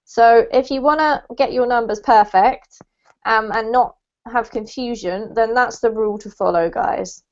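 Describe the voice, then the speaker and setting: A woman's voice: fairly high pitch, unhurried. A woman teacher leading an online English lesson, praising students and explaining pronunciation step by step. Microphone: video call. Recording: dull lo-fi video call audio.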